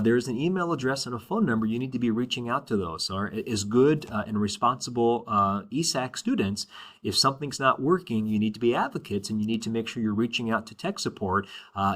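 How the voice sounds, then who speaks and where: A man's voice: lowish voice, fairly bright tone. A man teaching a Spanish class in a recorded introduction, upbeat, with many "uh"s and "all right?" checks.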